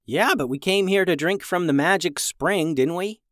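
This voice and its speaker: A reader voicing an excitable young boy who shouts high and urgently in a storybook. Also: normal speed, dry recording, clean studio sound, natural voice. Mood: alarmed. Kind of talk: storybook reading.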